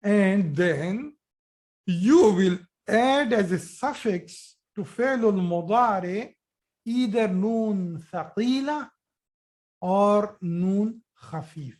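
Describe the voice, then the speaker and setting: A teacher giving a live online grammar lesson, explaining slowly and repeating forms, checking with students by asking questions. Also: female voice, mid-range voice, expressive, darkish tone. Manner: slow, repetitive explaining, asks students questions.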